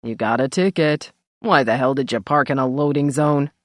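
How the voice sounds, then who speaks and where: Woman playing a blunt deadpan sheriff. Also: rumbling low, moderate pace, dry recording, clean studio sound.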